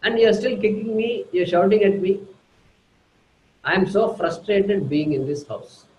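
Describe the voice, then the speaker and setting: A man's voice: sits high, a little slow, a little mellow, roomy sound, a little hiss or hum, poor audio. A man voicing a frustrated pet dog grumbling at its owner. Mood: aggrieved. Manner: aggrieved, complaining.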